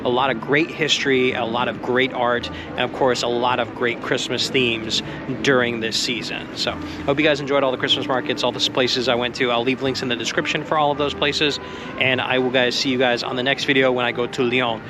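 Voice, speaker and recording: Amid outdoor street noise at a busy Christmas market, a travel vlogger speaks a little fast in a mid-range voice with little pitch movement. He offers casual, enthusiastic commentary, savoring food and wine aloud as he tries them.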